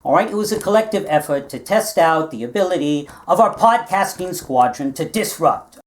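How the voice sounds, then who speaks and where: A woman playing a long-winded schemer who lectures and keeps adding "all right?", in a low-budget comedy film. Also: expressive, normal speed. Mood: scheming. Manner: rambling, lecturing, with many "all right?" asides.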